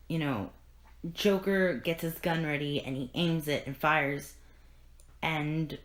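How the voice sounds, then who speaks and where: A woman's voice: deep voice, fairly bright tone. A woman hosting a podcast, retelling a comic in an earnest, emotional way with many restarts. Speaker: podcast host. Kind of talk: casual comic discussion.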